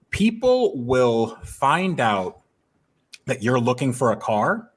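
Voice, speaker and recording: A man's voice: mid-range voice, fairly bright tone, breathy edge. A man telling a story as a podcast guest, in a loose, rambling way with many fillers and restarts. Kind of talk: casual podcast chat.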